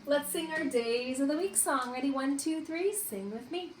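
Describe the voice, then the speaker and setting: A woman teacher leading a distance-learning morning meeting for young children, in a slow, sing-song, encouraging voice. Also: sits high, expressive. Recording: echoey room with faint hiss.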